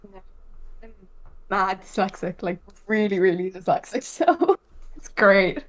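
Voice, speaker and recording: A woman's voice: medium pitch, animated, unhurried, poor audio. Woman, young adult, Irish accent, chatty, rambling, casual podcast talk. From Ireland. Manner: chatty, rambling, many fillers. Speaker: podcast host. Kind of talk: casual chat.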